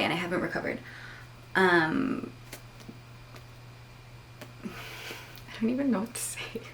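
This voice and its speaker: A reading vlogger in her twenties talks casually, gushing and dramatic, sometimes sinking to a whisper. Her fairly low voice moves at a measured pace with long pauses, over a little hiss or hum.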